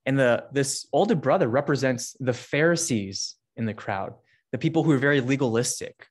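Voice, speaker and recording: A young man giving a casual, conversational sermon, reading scripture and acting out the characters with lively jumps in pitch. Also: normal speed, slightly rough. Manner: conversational, many fillers, acts out characters with rising pitch. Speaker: preacher.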